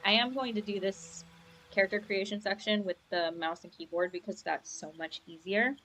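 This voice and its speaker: A woman's voice: mid-range voice, fairly even intonation, moderate pace, a bit bright, a little hiss or hum. Chatty young woman streaming a game. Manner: chatty, rambling, upbeat, with fillers. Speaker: gaming streamer. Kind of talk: casual live-stream chat. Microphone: lavalier mic.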